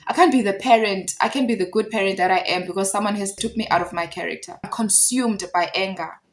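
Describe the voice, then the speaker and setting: A woman's voice: medium pitch, a little fast, slight background noise, low-quality recording. A young South African woman retelling a conflict in a casual storytime, emphatic and heated, repeating points for effect. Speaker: storyteller vlogger.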